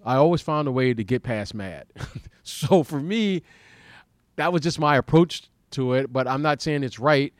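A man in his fifties, a former basketball player, hosting a casual podcast chat in a halting way, repeating words and laughing often. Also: medium pitch, no echo.

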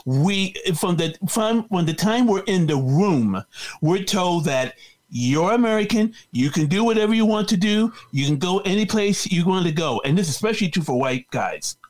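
A man, a guest on a talk show, speaks in a high, bouncing voice that swings up and down. He rambles, circles back and restarts his sentences, all in an easy, casual way. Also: normal speed. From Chicago South Side. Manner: animated, rambling, many fillers and restarts. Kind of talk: casual radio chat.

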